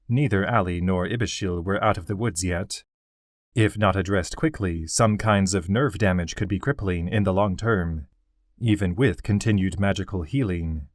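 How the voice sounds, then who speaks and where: A man narrating a fantasy audiobook in a steady, even delivery. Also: sits low, no echo, clean studio sound.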